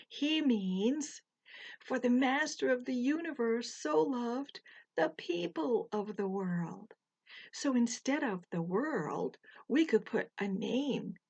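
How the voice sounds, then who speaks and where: Slow, gentle older woman teaching children. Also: fairly high pitch, slightly rough, muffled recording. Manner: slow and deliberate, pausing for children to repeat. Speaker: children's Bible storyteller.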